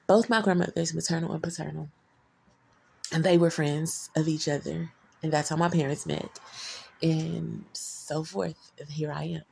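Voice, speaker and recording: A woman talks loosely to her phone camera, wandering from thought to thought with blunt, salty slang. Her voice has a gravelly fry and a husky, slightly breathy edge. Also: low-pitched, fairly even intonation, moderate pace, darkish tone. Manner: rambling, candid, profane, Southern US slang. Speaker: vlogger. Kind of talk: casual storytelling to camera.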